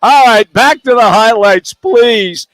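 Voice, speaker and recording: A man's voice: extremely high pitch, slow pace, fairly bright tone, dry recording. A man hosting sports radio live from a bar, upbeat and moving the show from segment to segment. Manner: upbeat, steers to the next segment. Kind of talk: casual sports talk.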